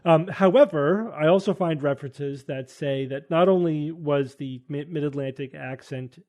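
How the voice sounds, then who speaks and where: A man's voice: fairly high pitch, moderate pace, darkish tone. Man thinking aloud as podcast host. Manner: thinking aloud, hedging, frequent restarts. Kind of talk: casual panel discussion.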